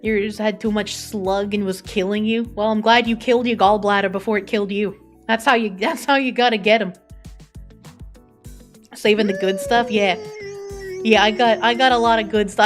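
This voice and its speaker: A woman streamer with a fairly high voice chats loosely with her viewers, answering messages as she reads them. She swears freely and breaks into laughter often. Faint music plays underneath. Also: steady tone, normal speed. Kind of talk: casual chat reading out viewer messages. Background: faint background music.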